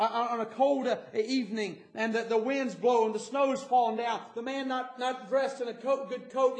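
A man's voice: very high voice, reverberant. A man preaching a fervent sermon as pastor, stumbling over repeated words as he builds his points. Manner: stammering repetitions, fervent preaching.

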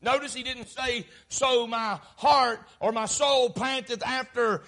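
A man preaching a sermon, impassioned, building to shouts and dropping low again. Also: measured pace.

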